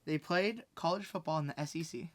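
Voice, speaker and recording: A man's voice: a little high, brisk. A man co-hosting a casual sports podcast, reading quiz hints with laid-back, joking banter. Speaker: co-host giving quiz hints.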